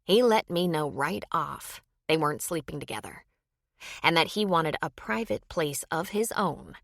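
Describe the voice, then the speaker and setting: A woman narrating a romance audiobook in an even storytelling read. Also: sits low, a little slow, no echo, clean studio sound. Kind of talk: scripted narration.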